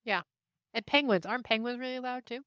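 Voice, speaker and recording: A woman hosting a podcast, chatting casually and asking curious questions with quick interjections. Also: a little high, a bit bright, dry recording. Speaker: podcast host.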